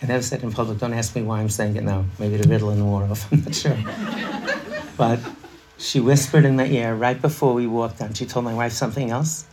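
A man's voice: medium pitch, fairly even intonation, brisk, noisy background. A middle-aged man leading an interactive parenting workshop, chatty and laughing, quizzing a live audience.

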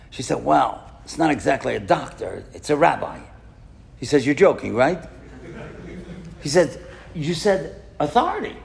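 A man giving a lecture as a rabbi to a synagogue audience, telling a story in an animated way and acting out the voices in it. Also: on the high side, creaky. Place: synagogue hall with live audience.

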